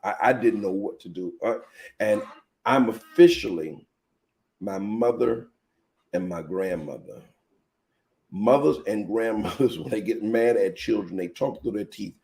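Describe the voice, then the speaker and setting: A man hosting a live teaching show as a pastor, telling animated personal stories and speaking straight to his viewers. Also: lowish voice, a little slow, creaky.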